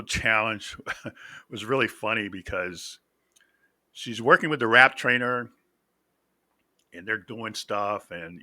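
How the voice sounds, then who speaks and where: A man with a very bright, keen edge to his somewhat low voice hosts a casual reaction video. He talks in halting, stop-start phrases, searching for words as he tells a story. The sound is close and dry, with no room around it. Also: no room sound. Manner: halting, pauses to find words; storyteller acting out quotes.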